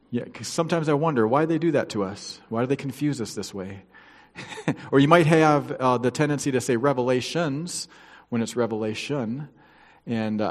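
A man's voice: medium pitch, big-room sound. A man preaching a sermon, reading scripture with chatty, joking asides to the congregation.

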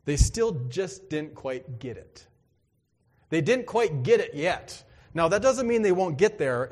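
A man delivers a sermon with animated, conversational energy, breaking into exclamations and little acted-out voices. His voice sits a bit high for a man. The sound carries a long reverb from a big hall. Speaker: pastor.

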